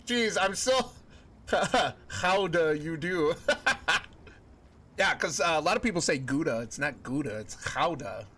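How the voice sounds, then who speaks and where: A man's voice: a little high, animated, slow, long pauses, a bit bright, husky. A man streaming a video game live, joking with his chat and laughing often. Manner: jokey, laughs often, chats with viewers.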